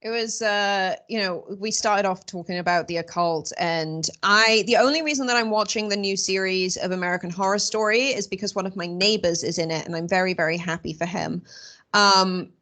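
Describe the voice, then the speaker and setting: A woman hosting a podcast, chatting casually with many fillers and quick asides. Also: medium pitch, pushed and bright. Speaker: podcast host. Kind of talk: casual conversation.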